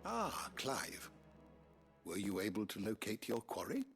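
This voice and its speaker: An actor playing a courteous, learned male lawsman in a video game, speaking in a measured, formal way. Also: fairly low pitch, wildly swooping pitch, vocal fry, full character voice. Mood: thoughtful. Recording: video game audio with music.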